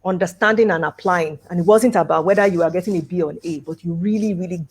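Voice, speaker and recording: A woman's voice: on the low side, quick pace, slightly rough. A middle-aged woman speaking at an education conference, telling a personal story and acting out the dialogue, with light laughs. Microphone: video call.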